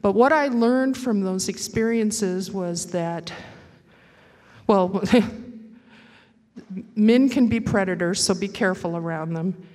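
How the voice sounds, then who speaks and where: A woman giving a halting, reflective personal testimony at a recovery meeting, with many pauses and fillers. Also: medium pitch, darkish tone, long reverb tail.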